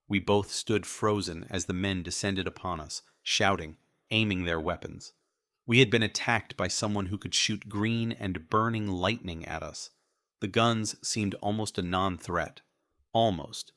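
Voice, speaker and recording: A man narrating an audiobook in the first person with measured, even storytelling. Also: sits low, no echo, clean studio sound.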